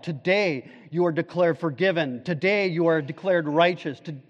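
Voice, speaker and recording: A man preaching a sermon as pastor, with emphatic delivery that swings from loud urgent peaks to quiet low asides. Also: dull audio. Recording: long reverb of a large hall.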